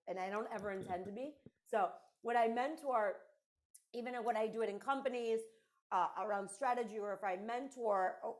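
A middle-aged woman talking as a podcast guest and mentor, in an emphatic, conversational way that repeats key phrases. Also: a little high.

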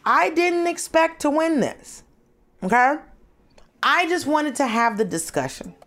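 A woman co-hosting a comedy podcast, arguing in a brash, animated way and swearing freely. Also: sits high, a little slow. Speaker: podcast co-host. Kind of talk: casual comedic debate.

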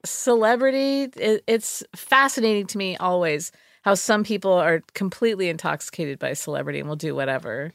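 A woman's voice: lowish voice, brisk, creaky, dry recording, clean studio sound. A woman co-hosting a podcast in casual chat, laughing easily and reacting. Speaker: podcast co-host.

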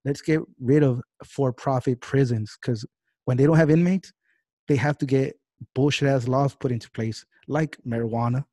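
A man in the middle of a casual podcast chat, getting fired up and swearing as he rants. His pitch sits in an average range. The sound is dry and close, with almost no room in it. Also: steady tone, dark tone, no room sound. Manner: heated, profane, fast-talking rants. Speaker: podcast host. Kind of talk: casual political rant.

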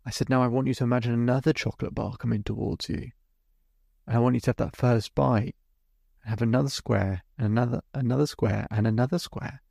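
A man's voice: medium pitch, fairly even intonation, brisk, vocal fry, a little mellow, slightly rough, dry recording, clean studio sound. A man hosting a podcast as a hypnotherapist, telling a client's story in vivid detail and acting out both sides of the conversation. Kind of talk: storytelling monologue.

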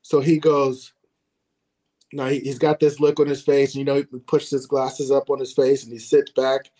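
A man's voice: mid-range voice, level tone, moderate pace, mellow. Middle-aged male guest, earnest, chuckling storyteller, mid-range voice. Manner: earnest, chuckling, lots of "right?" and "like". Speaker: guest, former ballplayer. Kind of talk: casual interview storytelling.

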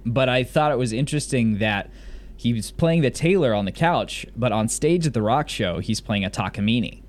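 A man's voice: mid-range voice, lively intonation, moderate pace. A man from the US South who has lost most of his accent, casually recapping a TV episode as a podcast co-host in a rambling, enthusiastic way. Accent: lost Southern US accent, mostly general American. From Mississippi, US South.

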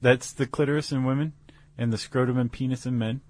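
A man's voice: mid-range voice, fairly even intonation, a little fast. A man co-hosting a podcast, explaining science in casual chat with fillers and restarts. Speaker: podcast co-host.

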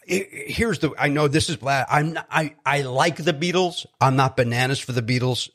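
Animated man telling stories. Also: mid-range voice, normal speed, hardly any pauses. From Chicago. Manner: animated, self-deprecating, many restarts. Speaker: guest comedian. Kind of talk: casual storytelling.

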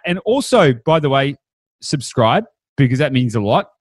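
A man hosts a podcast in a casual, upbeat way, talking with plenty of fillers and restarts. His voice sits in an ordinary middle pitch. The recording is dry and close, with no room sound. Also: no echo. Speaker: podcast host.

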